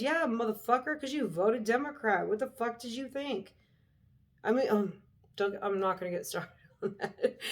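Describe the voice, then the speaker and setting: A woman's voice: medium pitch, normal speed. A young woman talks straight to her viewers in a heated, unfiltered rant. She is blunt and swears freely, with a mid-range voice in a casual vlog style. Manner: blunt, profane, heated ranting. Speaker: vlogger.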